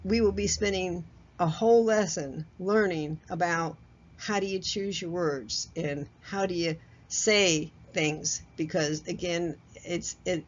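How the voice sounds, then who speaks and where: A woman teaches a workplace communication course in a relaxed, conversational lecture. She poses questions to the listener and chuckles at her own examples. The recording is a little dull and lo-fi. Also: on the low side, a little hiss or hum. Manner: chuckles at herself, loose fillers and restarts. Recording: slightly dull lo-fi audio.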